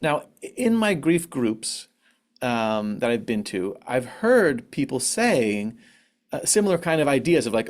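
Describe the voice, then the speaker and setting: Guy talking openly about grief, reflective, mid pitch, jumps up high when quoting folks. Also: sing-song, measured pace. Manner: candid, reflective, acts out quotes in a higher voice. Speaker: conference speaker on grief. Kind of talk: personal talk on grief. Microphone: online presentation mic.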